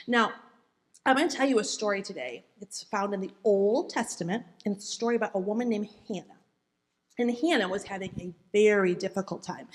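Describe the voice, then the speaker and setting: A woman giving a children's sermon in a church, speaking gently and asking the kids questions as she tells the story. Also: mid-range voice. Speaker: children's message leader.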